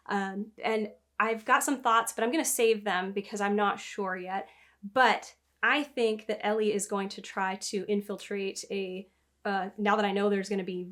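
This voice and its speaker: A woman co-hosting a casual review chat, playful and laughing often. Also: mid-range voice. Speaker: podcast co-host.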